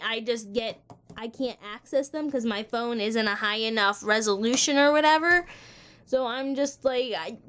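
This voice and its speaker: A vlogger in her twenties chats casually to the camera, sounding exasperated and laughing between lines. She has a high, slightly bright voice.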